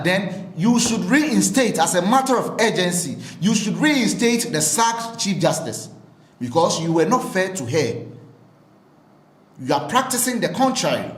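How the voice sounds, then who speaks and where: A Ghanaian-accented man delivers fiery political commentary in a fairly high voice, piling up repeated phrases and pointed rhetorical questions. His voice rings in an echoey room.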